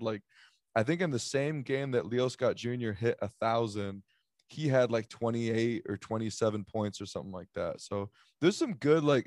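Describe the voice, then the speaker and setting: A man's voice: mid-range voice, darkish tone, no room sound. Joking man talking sports, dry sound. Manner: joking, rambling with fillers. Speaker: sports podcast host. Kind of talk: casual sports chat.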